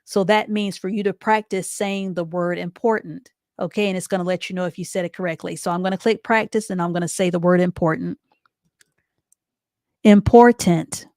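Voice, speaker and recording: Woman, low-pitched, dry close sound patient reading teacher for a live online class, walks through every step and repeats it. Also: steady tone, darkish tone, no room sound. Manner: reads sentences out slowly and deliberately.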